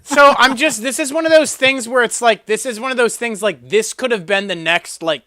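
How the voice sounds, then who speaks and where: A man's voice: very high-pitched, normal speed, bright, forceful tone, no room sound. A young man co-hosting a comedy podcast, riffing in bursts and building absurd crude bits. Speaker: podcast co-host.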